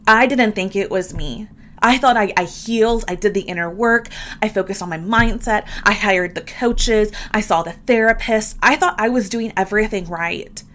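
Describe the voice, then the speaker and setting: A woman's voice: mid-range voice, moderate pace, a bit bright. An earnest woman hosts a personal podcast. She speaks straight to her listeners in a medium voice and often repeats a word when she is moved. Her talk is candid and emphatic. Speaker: podcast host.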